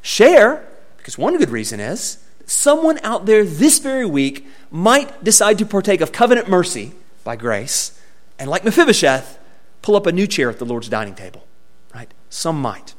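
A man preaching a sermon in a fairly high voice. His delivery is expressive and very lively, rising and falling as he speaks. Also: moderate pace. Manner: expressive preaching with wide swings in pitch and volume. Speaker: pastor.

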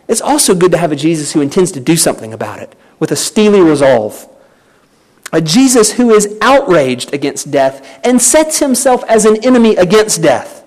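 A man's voice: high-pitched, darkish tone. A man preaching a sermon in an earnest, emphatic way, often calling his listeners "friend".

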